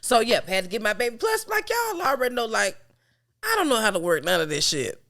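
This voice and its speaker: A woman co-hosting a podcast, swearing freely and laughing through her own stories. Her pitch swings widely from phrase to phrase, and her tone is bright and sharp. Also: big pitch swings, brisk. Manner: loud, profane, laughing storyteller. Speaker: podcast co-host. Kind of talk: casual chat.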